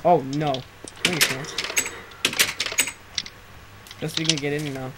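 A teenage boy chatting casually while gaming with a friend, excitable and quick to shout, his throat sore from screaming. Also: a little high, very noisy. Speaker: gameplay commentator. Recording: loud keyboard typing and clicks.

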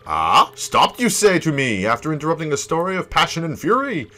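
A man's voice: on the high side, wildly swooping pitch, a little fast, pushed and bright, soft background music, exaggerated voice. A man voicing a vain, boastful male merchant in a video game playthrough, with grand and flowery delivery. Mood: indignant. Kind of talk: let's play, reading game dialogue aloud.

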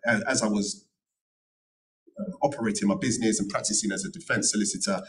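A middle-aged man with a lowish voice speaks on a panel at a careers event. He gives earnest, emphatic advice and drives points home by repeating them. He is picked up from a little way off the microphone, so the voice sounds distant in the room. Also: steady tone, fast talker, a bit bright. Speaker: panel speaker, notary and former solicitor.

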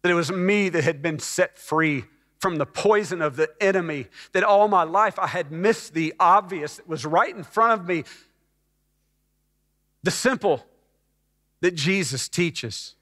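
A middle-aged pastor from Texas preaching a sermon as a personal testimony, emotional and rising to fervent peaks. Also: male voice, sits high, unhurried, a bit bright. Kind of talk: sermon storytelling. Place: church sanctuary. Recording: church hall reverb.

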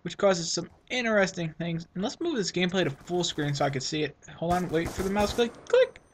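A man's voice: sits high, a little fast, a little hiss or hum. A teenage boy giving rambling, self-mocking commentary over his own gameplay, sniffling from a runny nose. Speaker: gaming channel host.

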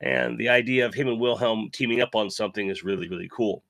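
On his casual toy-collecting live stream, a man whose voice is still sick from covid recovery rambles, cracks self-deprecating jokes and reads chat messages out loud. His fairly low voice has vocal fry, fairly even intonation and a fairly bright tone, delivered at a quick pace with no echo. He is the host of a toy channel.

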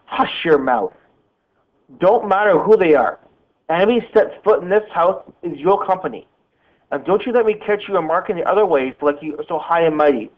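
Stern older housekeeper scolding a child, read by a man, slightly high, thin lo-fi audio. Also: expressive, normal speed. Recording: tinny phone-like sound.

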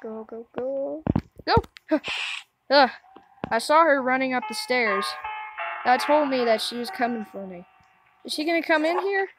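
A woman's voice: high voice, expressive, measured pace, long pauses, music in the background, poor audio. A woman giving let's play commentary on a horror game, jumpy, gasping and talking back to the game. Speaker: gamer.

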